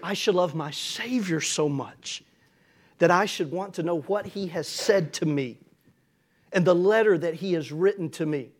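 A man's voice: sits high, unhurried. A middle-aged man preaching a folksy, storytelling sermon that builds to emphatic passages. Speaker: pastor.

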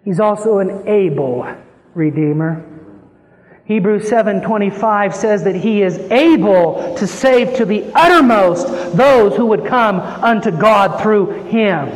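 A man preaching a sermon as a pastor, impassioned, swinging between hushed and rising pleading. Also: high-pitched, a little slow. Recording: long hall reverb.

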